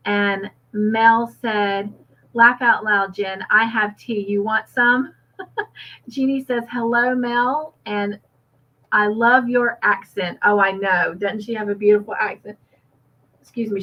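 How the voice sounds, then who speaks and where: Woman, livestream host, chatty, laughs often, reads comments, dull lo-fi sound. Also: mid-range voice. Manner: chatty, warm toward viewers, laughs often. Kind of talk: casual livestream chat reading comments. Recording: slightly dull lo-fi audio.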